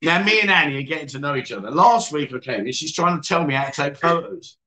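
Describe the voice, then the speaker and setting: Brief: male livestream host, playful banter, reads comments, higher pitch. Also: expressive, fast talker, bright, forceful tone, poor audio. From England. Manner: teasing, joking banter with guests. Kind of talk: casual livestream chat reading viewer comments.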